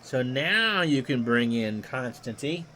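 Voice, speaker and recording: A man's voice: mid-range voice, slow, a little hiss or hum. A man doing play-by-play for a replayed baseball game, reading stats and joking with chat between plays. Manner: reads stats in a steady run, jokes with chat between plays. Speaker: play-by-play announcer.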